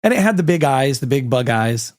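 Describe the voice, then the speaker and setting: A man's voice: mid-range voice, brisk, dry recording. Dry-voiced man reading film trivia. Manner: relaxed, reads out trivia with asides. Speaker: podcast co-host. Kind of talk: casual chat about a film.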